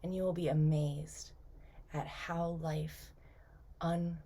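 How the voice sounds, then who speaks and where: A woman channeling a gentle, loving spirit collective, speaking slowly in a soft, half-whispered voice. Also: low voice, flat delivery, full character voice. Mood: tender. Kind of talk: spoken channeling message.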